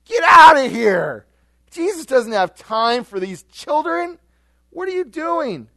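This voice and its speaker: A man voicing a gruff, annoyed disciple who shoos parents away, in a loud barking tone. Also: very high voice, big pitch swings, takes it slowly, dry recording, studio quality, voice pushed up, exaggerated voice. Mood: irritated.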